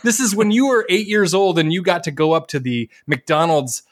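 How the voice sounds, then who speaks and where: A man with a Northwest Ohio accent co-hosting a casual podcast chat, relaxed and joking, reading quotes aloud. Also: high-pitched, moderate pace. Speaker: podcast co-host.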